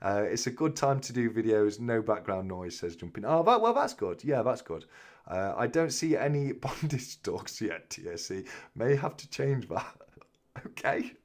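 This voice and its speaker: Male stream host with a lowish voice, easygoing chat, reads out viewer messages. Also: expressive, moderate pace, darkish tone. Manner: chatty, reads viewer comments aloud and answers them. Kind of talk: casual live-stream chat.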